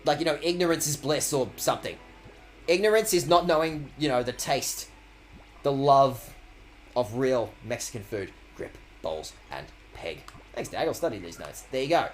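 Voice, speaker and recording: A man's voice: fairly high pitch, expressive, fairly quick, soft background music. A man casually commentating his game stream in a playful, rambling way, swearing freely. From Australia.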